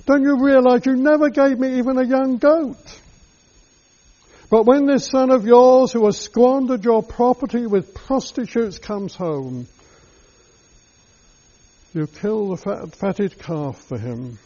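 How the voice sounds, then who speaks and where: A resentful grown son airs his bitterness, accusing and repetitive, as a male preacher puts him on. The voice is fairly high for a man and mellow, and the recording sounds dull and lo-fi. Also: slow, long pauses, exaggerated voice. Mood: bitter. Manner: accusing, repeats his complaints.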